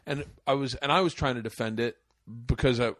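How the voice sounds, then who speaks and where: A man's voice: medium pitch, fairly quick, fairly bright tone, no echo. Chatty male podcast host, dry sound. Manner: chatty, laughs easily, hedges his words. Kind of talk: casual podcast chat.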